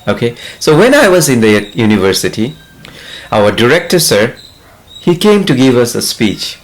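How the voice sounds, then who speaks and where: Indian man giving lively English tips. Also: medium pitch, normal speed. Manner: earnest, advising the listener directly. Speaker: English tutor. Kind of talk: instructional talk to camera.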